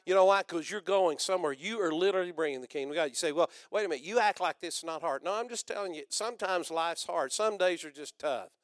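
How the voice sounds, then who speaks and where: An older man preaching a sermon, rousing and loud, calling out to the congregation. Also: on the high side, quick pace, hardly any pauses, no echo, clean studio sound. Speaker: pastor.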